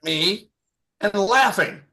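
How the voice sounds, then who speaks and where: Bright-voiced man in his sixties. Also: high voice, lively intonation, takes it slowly. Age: 60s. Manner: rambling, lots of filler and restarts. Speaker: comedian. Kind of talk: stand-up storytelling on a video call.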